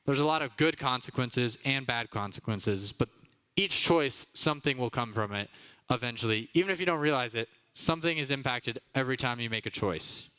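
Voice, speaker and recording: A man's voice: mid-range voice, fairly quick, bright, forceful tone, smooth. A young man teaching a children's church lesson, upbeat and constantly asking the kids questions. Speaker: kids' ministry teacher. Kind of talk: youth sermon to children. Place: church kids' room with a live audience.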